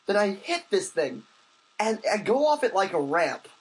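A young man co-hosting a podcast, telling a story in casual chat with excitable rambling and many restarts. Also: sits high, moderate pace, recorded from a distance, rough recording. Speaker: podcast co-host.

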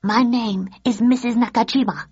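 A woman's voice: on the high side, fairly even intonation, normal speed, darkish tone, husky, voice pushed up. A woman voicing a polite, matter-of-fact Japanese woman who runs tours, heard on a dull lo-fi audiobook recording. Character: polite middle-aged Japanese woman tour guide.

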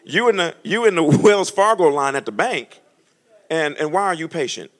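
A man preaching a sermon as pastor, joking between slow, emphatic scripture readings. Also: fairly high pitch. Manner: lively, humorous preaching, reads scripture slowly and loudly.

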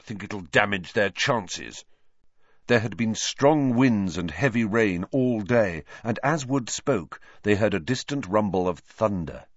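Male audiobook narrator, lively and expressive, lowish lively voice, dull dry lo-fi sound. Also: unhurried, few pauses, no room sound. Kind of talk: scripted narration.

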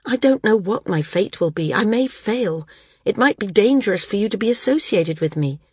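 Woman voicing a resolute young heroine for an audiobook, husky, dry close sound. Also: medium pitch, animated, normal speed, dry recording. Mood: resolute, pleading. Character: determined young woman flyer, anxious but resolute.

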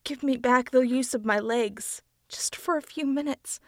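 A woman's voice: medium pitch, slow, no echo, studio quality. A woman voicing a tormented man, trapped and pleading in a strained voice.

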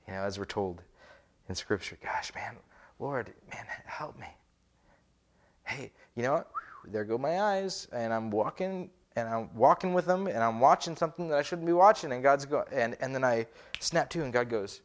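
Man, pastor, casual sermon, rhetorical questions, mid pitch. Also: lively intonation, moderate pace. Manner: conversational, rhetorical questions, frequent restarts. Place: church.

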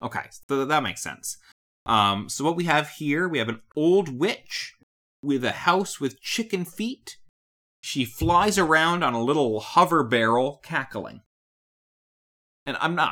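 A man co-hosting a podcast in a loose, casual chat. His pitch swoops around a lot as he rambles through his explanations. He laughs often and keeps the energy up. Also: sharp tone. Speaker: podcast co-host.

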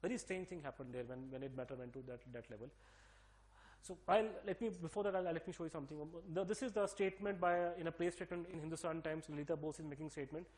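A man explaining a story at length, talking quickly with many restarts and fillers. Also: on the high side, darkish tone. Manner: fast, with frequent restarts and fillers. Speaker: speaker presenting documents. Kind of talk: explanatory talk.

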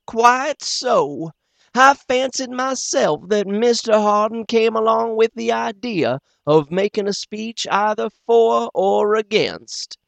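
A man doing a high, slow, mocking doctor. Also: expressive, darkish tone, dry recording, heavily acted. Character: sharp-witted male doctor facing a mob, ironic. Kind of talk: audiobook character voice.

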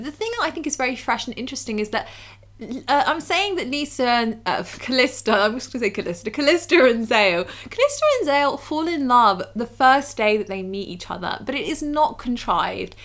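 A woman's voice: sits high, lively intonation, brisk, fairly bright tone. A woman with a British accent co-hosting a podcast, chatting eagerly about a game and laughing often. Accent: British English. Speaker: podcast co-host. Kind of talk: casual chat about a game.

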